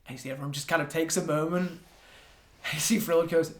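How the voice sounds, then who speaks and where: A man narrating a tabletop game as game master, hesitant with many pauses, sometimes dropping to a whisper. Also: fairly high pitch, fairly even intonation. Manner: hesitant, many ums, drops to whispers for asides. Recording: echoey room.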